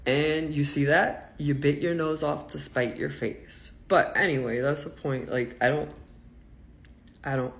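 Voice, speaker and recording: A man telling a personal story in a casual, indignant rant, swinging between loud outbursts and muttered asides. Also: fairly high pitch, steady tone, unhurried, creaky. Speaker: vlogger.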